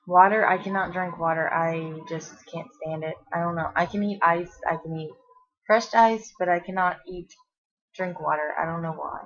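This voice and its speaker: A young pregnant woman with a low voice talks to her camera at home in a loose, rambling way, trailing off and restarting often. She sounds short of breath, and the recording has a dull, lo-fi home-video sound. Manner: chatty, rambling, many fillers and restarts. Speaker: vlogger. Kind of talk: casual pregnancy update vlog. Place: at home, seated.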